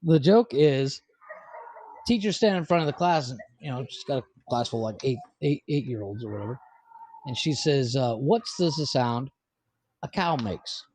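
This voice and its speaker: A man's voice: medium pitch, animated, moderate pace, a little mellow, no room sound. A man in his forties co-hosting a casual podcast, telling profane jokes and laughing at his own punchlines. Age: 40s. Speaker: podcast co-host. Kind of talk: casual crude joke-telling chat.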